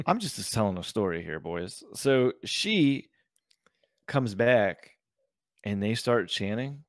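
Man, deep, gravelly, dry, casual podcast storytelling. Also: sing-song, slow pace, no room sound. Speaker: podcast co-host. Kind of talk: casual chat.

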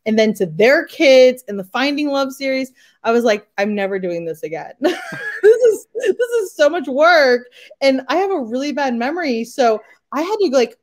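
Woman, forties, fairly high voice, author guest, self-mocking, laughs a lot, loose casual chat. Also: a little mellow. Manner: laughing, self-deprecating, many fillers.

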